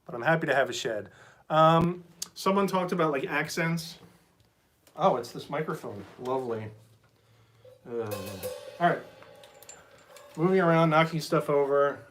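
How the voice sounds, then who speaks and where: A man's voice: a little high, moderate pace, pauses often, fairly bright tone. Man chatting casually on a phone stream. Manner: rambling, restarts, reads comments aloud. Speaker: drum teacher streaming live. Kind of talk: casual live-stream chat. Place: small cluttered drum shed. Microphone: phone mic.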